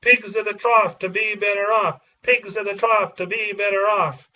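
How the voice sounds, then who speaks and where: A man reading a chorus of boisterous male pigs, chanting slowly and loudly. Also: high-pitched, fairly even intonation, pitched above the performer's own voice, lightly acted. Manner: slow, loud chant. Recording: distant, dull lo-fi recording.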